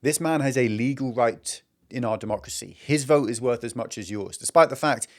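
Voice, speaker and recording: Brief: British man, mid-pitched, opinionated political commentator, emphatic. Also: fairly quick. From Britain. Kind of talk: commentary over news clips.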